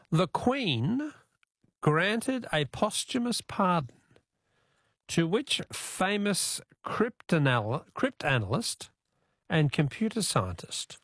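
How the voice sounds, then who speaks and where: A jovial Australian man runs a radio quiz, his voice slightly raised and gravelly. He takes callers one after another with easy banter. The sound is dry and close. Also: high voice, fairly bright tone, dry recording. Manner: jovial, laughs often.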